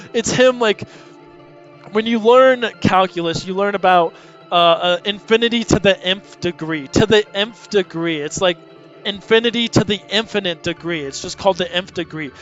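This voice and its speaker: A young man with a high, slightly bright voice reads a comic aloud, laughing and swearing through his casual running commentary. The audio is dull and lo-fi, with faint music in the background.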